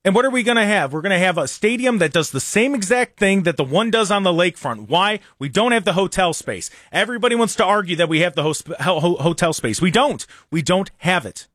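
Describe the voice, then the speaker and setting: Man, sports talk host, sarcastic rant, high voice, very lively pitch, dry close sound. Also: brisk, hardly any pauses, dry recording. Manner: animated and sarcastic, mocking others in put-on voices.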